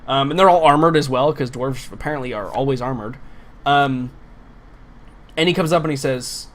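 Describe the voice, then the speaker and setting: A man running a tabletop role-playing game, describing scenes in a rambling, filler-heavy way. His voice sits at a middle pitch. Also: normal speed, a bit bright. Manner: loose, filler-heavy narration. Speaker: game master.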